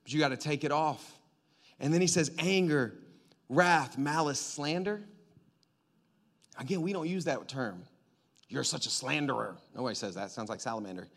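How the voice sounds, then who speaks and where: A man preaching a sermon in a lively, joking way, getting the congregation to call back to him. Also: on the high side, moderate pace, long pauses. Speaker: pastor.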